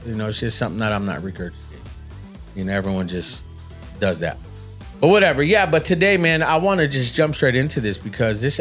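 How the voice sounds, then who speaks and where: A man hosting a motivational podcast, talking in an animated, slangy way and often saying "man". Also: mid-range voice. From Native American. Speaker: podcast host.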